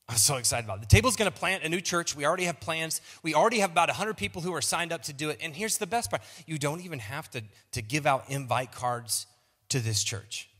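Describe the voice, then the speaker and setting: A man's voice: on the high side, pushed and bright, slightly rough. A male pastor preaching a sermon in a playful, self-mocking way, often repeating words. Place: large church auditorium. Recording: long reverb of a church hall.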